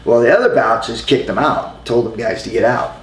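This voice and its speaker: A middle-aged man telling an anecdote as an interview guest, in a loose, halting way with lots of "you know" asides. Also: mid-range voice. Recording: roomy with faint ambient noise.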